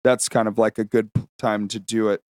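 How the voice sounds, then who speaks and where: A man's voice: on the low side, level tone, a little fast, darkish tone, no room sound, studio quality. A man co-hosting a podcast, talking casually and rambling with plenty of fillers. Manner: rambling, many fillers, swears freely. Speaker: podcast co-host. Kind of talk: casual chat.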